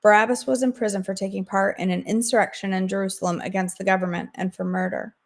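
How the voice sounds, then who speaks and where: A woman hosting a daily devotional, reading scripture aloud in a steady, measured way. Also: medium pitch. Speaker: devotional host.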